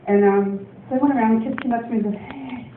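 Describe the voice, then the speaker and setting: Doing stand-up, a Portland, Oregon woman fires off her rambling material rapidly, peppered with ums and laughter, in a slightly high voice. It's captured from a distance in an echoey club, phone-like, with a bit of background noise.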